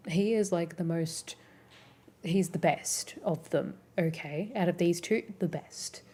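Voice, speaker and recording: A woman's voice: on the low side, slow pace, warm tone, husky. A young Australian woman streaming, chatting casually with her viewers in a rambling, giggly way full of fillers. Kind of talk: casual chat with live chat.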